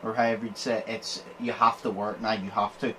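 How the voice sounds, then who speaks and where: A man's voice: lowish voice, flat delivery, fast, a bit bright, slight background noise. A young man hosting a podcast, telling a story in casual chat, swearing freely and breaking into laughter. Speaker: podcast host.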